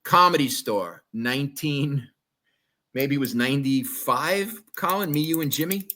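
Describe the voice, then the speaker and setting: A middle-aged man hosting a podcast, spinning old stories in an animated, rambling way over a video call. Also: mid-range voice, measured pace. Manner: animated raconteur, many restarts. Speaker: podcast host. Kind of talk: casual storytelling.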